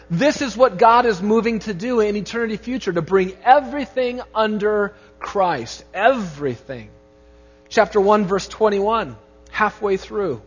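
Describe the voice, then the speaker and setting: A man's voice: sits high, animated, measured pace, breathy edge, long reverb tail, muffled recording, soft background music. A man preaching a sermon as pastor, opening with a prayer and pressing key phrases with rising emphasis.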